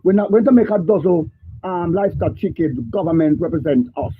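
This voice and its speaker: A Jamaican man calling in, his voice pitched high and husky, and muffled over a lo-fi line. He argues with fervor and repeats himself, sometimes shouting. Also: a little fast. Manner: fiery, rising to shouts, repetitive. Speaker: caller. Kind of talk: impassioned political call-in.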